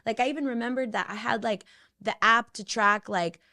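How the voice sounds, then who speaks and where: A woman in her thirties co-hosting a casual podcast chat, telling animated stories with quick asides. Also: fairly high pitch. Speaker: podcast co-host.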